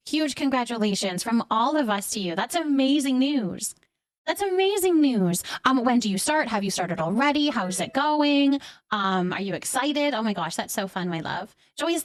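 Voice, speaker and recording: A woman's voice: sits high, no echo, studio quality. A young woman live streaming a game, chatting affectionately with viewers and thanking them by name. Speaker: livestreamer reading out viewer chat. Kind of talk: casual live stream chat while gaming.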